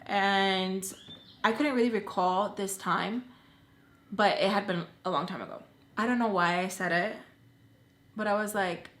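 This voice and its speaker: A young woman vlogger telling a personal story in casual chat, animated and full of filler words. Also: mid-range voice, normal speed. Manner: chatty, animated, lots of "like" fillers. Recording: roomy echo.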